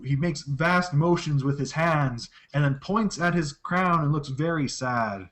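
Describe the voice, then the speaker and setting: A man running a tabletop game as game master, describing scenes in a lively storytelling way. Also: on the high side, unhurried.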